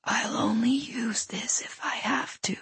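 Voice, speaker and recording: A woman voicing a menacing masked male intruder in a whispered role-play, with soft, calm, coldly courteous threats. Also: very high voice, unhurried, breathy edge, no room sound, pitched above the performer's own voice, heavily acted.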